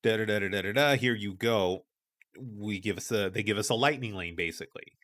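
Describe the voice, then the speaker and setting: A man's voice: fairly low pitch, brisk, fairly bright tone. A middle-aged man co-hosting a podcast, telling a story in casual chat and acting out the people he quotes. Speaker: podcast co-host.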